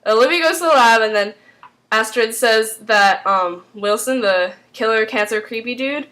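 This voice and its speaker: A woman's voice: fairly high pitch, moderate pace, a bit bright. A woman casually recapping a TV episode, rambling with lots of fillers. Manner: rambling, full of "like" and "um". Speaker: TV recap vlogger.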